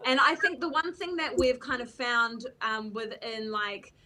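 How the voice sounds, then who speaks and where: A woman's voice: on the high side, expressive, unhurried, a loud crowd. A woman podcast host chatting casually, with slangy words and mild swearing. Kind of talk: casual chat.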